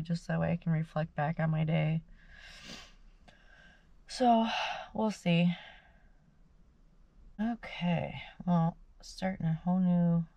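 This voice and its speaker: Low-voiced woman with a gravelly rasp. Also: dry recording, highs cut off. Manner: rambling, soft-spoken, fighting tears at times. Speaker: vlogger and mother. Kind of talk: casual personal video diary.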